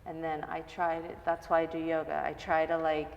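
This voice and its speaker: A woman guest in a casual interview, earnest and animated when telling stories. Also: low voice, fairly quick, creaky, long reverb tail, dull audio.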